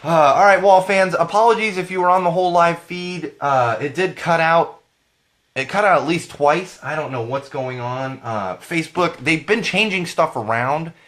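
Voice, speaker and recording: A man in his thirties with a hoarse voice from a cold, hosting a podcast in a casual rambling monologue that repeats phrases for emphasis. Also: fairly high pitch, normal speed, a bit bright. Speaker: podcast host.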